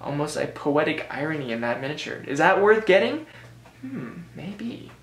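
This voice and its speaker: A man's voice: on the high side, expressive, brisk, a bit bright. An American man giving a casual review commentary, rambling with joking asides and frequent self-corrections. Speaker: board game reviewer. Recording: roomy echo.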